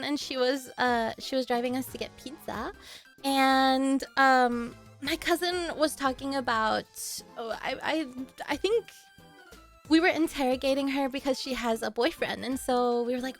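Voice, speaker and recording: A young woman streamer telling a story to her chat in a casual, animated way, acting out what people said with big jumps in her voice. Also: normal speed, soft background music. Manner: animated, acts out quoted lines with big pitch jumps and laughs.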